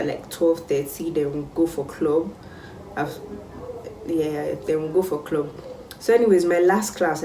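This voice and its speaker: A young Nigerian woman telling a casual storytime vlog, animated and exclamatory. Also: low-pitched, far from the mic, a little hiss or hum. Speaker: vlogger. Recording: roomy sound, mic set back.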